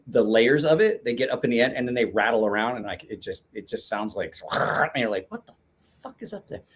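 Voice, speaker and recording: A man in his forties hosting a casual knife-sharpening chat show from his garage, rambling, swearing and laughing often. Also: mid-range voice. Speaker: knife sharpening podcast host. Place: home garage.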